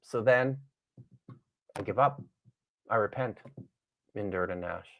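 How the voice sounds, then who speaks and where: A man voicing Job, a worn-down suffering old man, in a measured, solemn scripture reading. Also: mid-range voice, animated, lo-fi sound, a little hiss or hum, close to an everyday voice. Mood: sardonic.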